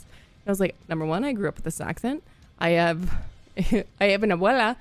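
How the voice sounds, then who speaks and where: A woman's voice: mid-range voice, lively intonation, a little fast. A young woman from the Midwest chatting casually with her stream viewers, rambling through stories, laughing often and greeting people as they come in. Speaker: livestream gamer.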